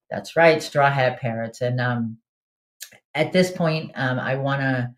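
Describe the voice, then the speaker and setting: A woman's voice: extremely low pitch, takes it slowly. A woman hosting a live online trivia game in a casual, chatty way, reading out answer options and laughing often. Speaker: trivia host.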